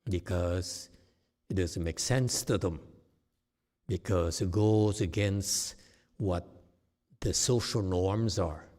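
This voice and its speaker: A man leads a dharma talk as a meditation teacher, with a low, mellow voice. He talks at a slow, unhurried pace. His delivery is emphatic, and he keeps checking whether his listeners follow.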